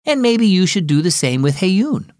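A man voicing a weary but gentle mother in a children's story. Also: sits high, sing-song, moderate pace, dry recording, clean studio sound, voice pushed up.

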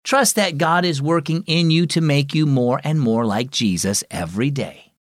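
A man's voice: a little high, normal speed, no echo, clean studio sound, close to an everyday voice. A man voicing a comforting mother tucking her son in, in a children's storybook reading. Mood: tender. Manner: soft, comforting. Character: tender, reassuring mother.

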